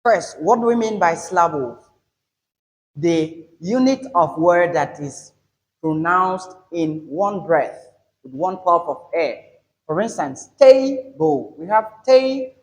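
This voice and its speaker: A man teaching an English pronunciation lesson, explaining step by step, repeating his points and stressing example words loudly. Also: on the high side, slow, rough recording.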